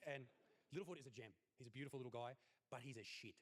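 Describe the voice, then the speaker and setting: An Australian man doing a stand-up comedy set, brash and crude with punchy deadpan lines. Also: medium pitch, very fast, a little hiss or hum.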